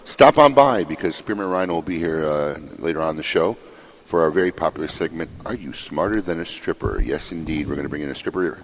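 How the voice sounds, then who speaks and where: Animated male radio talk show host. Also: very deep voice, fairly quick, lo-fi sound. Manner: animated, laughing, interrupting.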